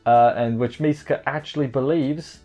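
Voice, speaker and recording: A man recapping an anime episode in casual chat, joking and rambling with quick asides. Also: medium pitch, steady tone, dark tone, soft background music. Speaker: anime reviewer.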